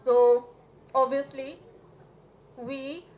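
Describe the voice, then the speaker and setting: Young woman from Manipur, student speaker, higher voice, hesitant and earnest; tinny phone-quality audio. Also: flat delivery, drawn-out words. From Manipur, India. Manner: hesitant, earnest, many fillers. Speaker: student representative speaking at a solidarity event. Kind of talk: public speech. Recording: tinny phone-like live stream with faint noise.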